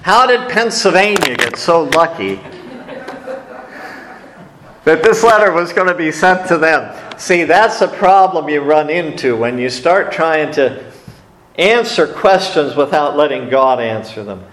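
A man's voice: on the high side, lively intonation, measured pace, fairly bright tone. A man teaching a sermon on scripture in a conversational, folksy way. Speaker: preacher. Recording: echoey room.

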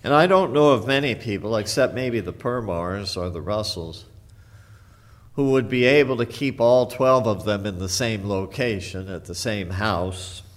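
Slow, low-voiced pastor preaching. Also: male voice. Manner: reflective storytelling, retelling scripture. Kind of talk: sermon.

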